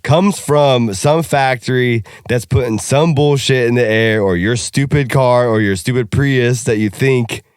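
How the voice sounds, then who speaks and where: A man's voice: mid-range voice, unhurried, hardly any pauses, clean tone, no room sound, studio quality. A man co-hosting a podcast in casual chat, brash and joking, swearing freely. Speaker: podcast co-host.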